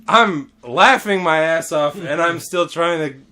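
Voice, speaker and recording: A man hosting a podcast, telling a story in casual chat, animated, laughing often and swearing freely. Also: on the high side, unhurried.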